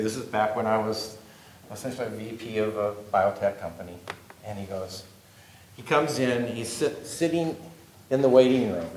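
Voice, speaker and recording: This man's mid-range voice is a little mellow, and a faint hiss or hum sits under the echoey meeting-room recording. He's running a job-interview workshop for a live audience. His talk is conversational and repeats itself, peppered with "okay?"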